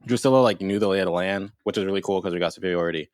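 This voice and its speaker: A man with a slightly low voice recaps the last game session in a loose, jokey way. He laughs between beats. The sound is close and dry. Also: rapid-fire, darkish tone, no echo. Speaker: player. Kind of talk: casual recap of a tabletop game.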